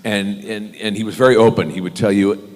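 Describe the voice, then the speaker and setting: Man, guest actor, convention panel, very low voice, animated storytelling, self-deprecating, long hall reverb. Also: brisk. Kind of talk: anecdotal storytelling.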